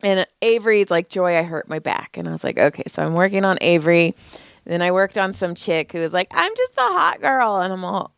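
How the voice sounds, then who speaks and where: With a fairly low, brisk, smooth voice and some vocal fry, this podcast co-host spins a funny story in a dry, studio-quality recording. She acts out each person's part with animation, laughing often and swearing freely.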